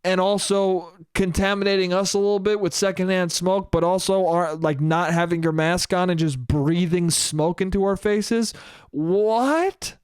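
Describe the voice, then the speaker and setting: A young man rants through a casual solo podcast, swearing freely and slipping into the voices of the people in his stories. His voice sits a little high for a man and sounds smooth and clear. The recording is close and dry. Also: a little slow, no room sound. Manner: ranting, swears freely, acts out quoted people mid-story. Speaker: podcast host.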